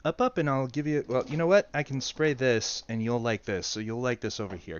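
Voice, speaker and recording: A man's voice: mid-range voice, fairly quick, few pauses, highs cut off, slight background noise. A man streaming himself playing a game, chatting casually in a playful way. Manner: playful, lively, prone to laughing. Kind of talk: casual live game commentary. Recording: game music behind the voice. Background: game music.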